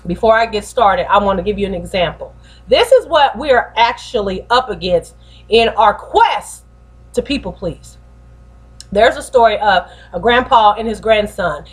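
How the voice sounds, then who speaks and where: A woman hosting a short motivational talk as a pastor, lively, slangy and preacherly in her delivery. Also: fairly high pitch. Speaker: host and pastor.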